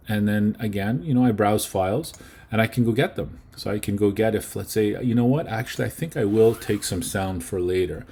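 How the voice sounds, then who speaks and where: A man's voice: lowish voice, warm tone, husky. A man teaching a casual lesson on video editing, chatty and often checking in with his students. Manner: chatty, checks in with okay and right.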